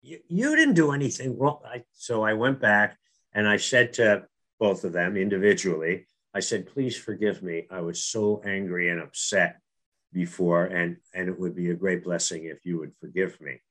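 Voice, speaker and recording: A man's voice: deep voice, normal speed, a bit bright. Earnest middle-aged man telling a story. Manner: earnest, repeats words and restarts. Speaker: guest telling a faith story. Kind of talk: casual storytelling.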